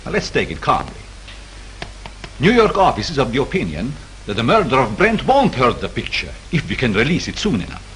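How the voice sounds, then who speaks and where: An actor playing a calm, decisive male studio executive settling a dispute in a 1930s film. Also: mid-range voice, a little fast, slight background noise, rough recording. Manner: calming, decisive.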